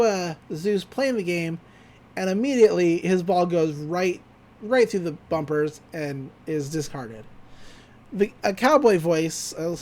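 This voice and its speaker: A podcast host in a casual recap of a cartoon episode, animated and often laughing, slipping into quick character voices. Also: mid-range voice.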